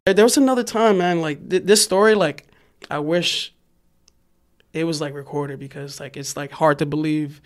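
Animated New man telling a wild story. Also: fairly high pitch, normal speed. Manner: animated, profane, lots of "like", acts out yelling voices. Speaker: graffiti writer guest. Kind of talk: casual storytelling.

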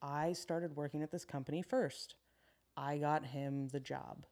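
Frank woman telling a work story. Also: deep voice. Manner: frank and steady, with quick asides. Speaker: guest, construction business owner. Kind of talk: candid conversational storytelling. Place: podcast studio.

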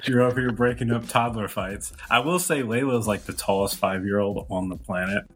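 A man co-hosting a podcast, chatting casually and relaxed, chuckling between remarks. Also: on the low side, a little fast, slight background noise. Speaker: podcast co-host. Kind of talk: casual chat.

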